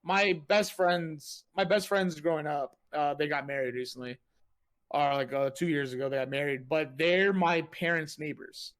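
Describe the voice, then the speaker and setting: Rambling man with a higher voice. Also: steady tone, normal speed, fairly bright tone. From United States. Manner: rambling, lots of "like" and "you know". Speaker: podcast host and streamer. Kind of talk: casual podcast chat.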